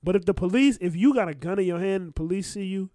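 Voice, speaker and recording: A man's voice: sits high, fast talker, dark tone, no echo, studio quality. A young man co-hosting a casual podcast, talking in a laid-back way and stretching out his sign-off. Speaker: podcast co-host.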